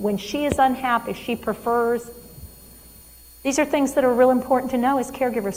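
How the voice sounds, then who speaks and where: A woman's voice: fairly high pitch, a little mellow, long reverb tail, a little hiss or hum, low-quality recording. A woman trainer giving a live talk on dementia care, emphatic and quizzing her audience.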